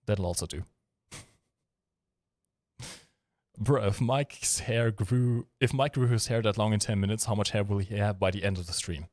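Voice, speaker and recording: A man's voice: lowish voice, moderate pace, pauses often, darkish tone, no room sound. A man hosting a live stream, chatting casually and joking while he reads the chat, with frequent ums and uhs. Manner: joking, rambling, with frequent fillers.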